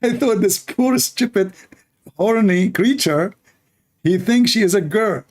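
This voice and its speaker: The host of this polemical talk is a man whose voice is slightly high. He speaks broken English at a measured pace, restarting sentences often, and his delivery is sarcastic and mocking.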